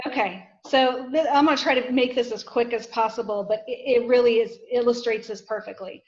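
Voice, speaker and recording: A woman, a guest author, talks through her personal stories in a candid, self-deprecating way. Her voice sits a little high. The recording sounds dull and lo-fi. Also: fairly even intonation, a little fast. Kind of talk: casual podcast conversation.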